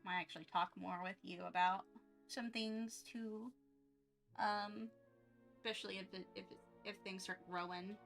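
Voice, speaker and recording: A young woman chatting casually on her art livestream, excitable and rambling with lots of fillers as she gushes thanks. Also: medium pitch, moderate pace, creaky, faint music behind. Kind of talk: casual live-stream chat.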